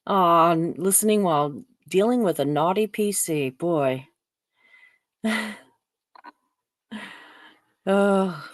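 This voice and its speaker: Woman live-stream host, casual rambling chat, laughs a lot, somewhat low pitch, dry recording. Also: very slow, pauses often, no echo. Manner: chatty, rambling, laughs often.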